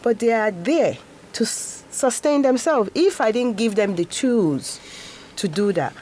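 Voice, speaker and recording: A woman's voice: on the high side, lively intonation, a little slow, warm tone, slight background noise. A woman in her fifties, a guest in an interview, talking earnestly about education and often breaking into a laugh. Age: 50s. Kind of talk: casual interview talk.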